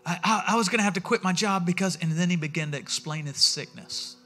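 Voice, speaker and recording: A man's voice: high voice, quick pace, pushed and bright, faint music behind. A man, a pastor giving a sermon in a conversational, storytelling way, acting out the voices he quotes. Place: church sanctuary.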